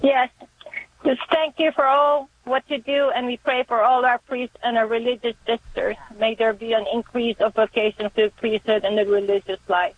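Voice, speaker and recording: Earnest churchy lady calling in, highish flat voice, thin phone sound. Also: moderate pace. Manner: earnest, devout. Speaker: caller. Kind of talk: phone-in prayer request. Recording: tinny phone line.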